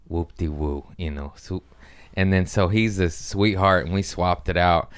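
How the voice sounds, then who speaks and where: Low-voiced man rambling through funny stories. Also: steady tone, normal speed, clear, resonant tone. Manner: loose, rambling, swearing and laughing at his own stories. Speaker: podcast host. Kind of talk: casual storytelling chat.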